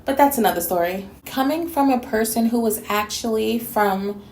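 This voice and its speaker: Woman from New York City, sassy response-video host, blunt and scolding, slightly high voice, echoey room. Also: normal speed, darkish tone, slight background noise. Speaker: YouTube reactor and host.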